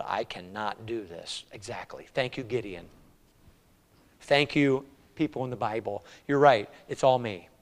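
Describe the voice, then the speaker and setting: A pastor delivers a sermon in a conversational, storytelling way, his voice sitting a little high for a man. He acts out the doubts of his listeners in quick voiced asides. The sound carries a long reverb from a church sanctuary. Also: smooth. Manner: conversational preaching with acted-out quotes.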